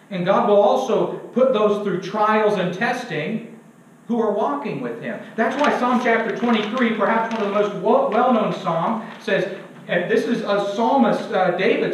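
High-voiced preacher in an echoey church. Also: male voice, slight background noise. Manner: emphatic, asks the congregation to fill in words; self-deprecating humor. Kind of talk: sermon. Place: church sanctuary. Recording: very echoey church, distant and dull.

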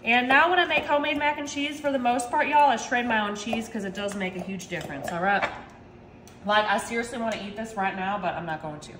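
A woman's voice: fairly high pitch, a little fast, a bit bright, slight background noise. Chatty woman cooking, echoey kitchen. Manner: chatty, upbeat, says "y'all" constantly. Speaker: home cook. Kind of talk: casual cooking video. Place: home kitchen.

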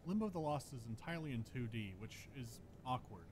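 A man delivers a scripted video essay about a game in a dry, deadpan tone. He talks quickly and evenly. Noticeable noise sits under the voice. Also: mid-range voice. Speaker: game reviewer narrator.

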